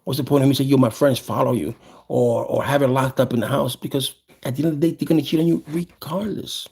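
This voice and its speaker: Gravelly, husky man sharing opinions. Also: mid-range voice, fast. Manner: animated, repeats and restarts phrases. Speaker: podcast host. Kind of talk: casual opinionated chat.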